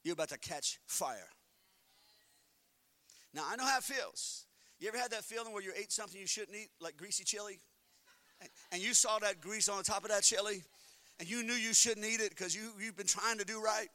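High-pitched and brisk, a male pastor delivers his sermon, swinging between quiet words and shouts. He tells amusing stories and voices the characters' inner thoughts.

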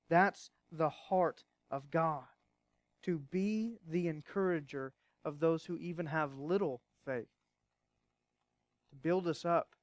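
A man pastor preaching a sermon, emphatic at times and hushed at others, asking rhetorical questions. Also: fairly high pitch, no echo.

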